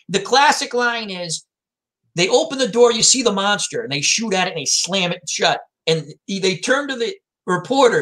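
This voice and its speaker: A man's voice: high-pitched, lively intonation, a little fast, fairly bright tone. A man chatting casually, animatedly retelling movie scenes and acting out the lines. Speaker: co-host. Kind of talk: casual chat.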